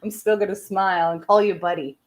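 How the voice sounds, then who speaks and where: A woman's voice: medium pitch, fairly even intonation, a little fast. A woman from Canada talks casually to her livestream viewers. She is candid and blunt, ranting and speaking her mind. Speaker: streamer.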